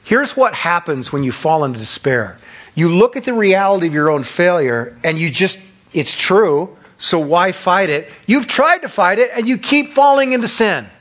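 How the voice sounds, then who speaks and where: A man preaching a sermon as pastor, acting out quick voices of the accuser and of self-righteous churchgoers. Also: sits high. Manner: acts out voices of Satan and churchgoers, animated.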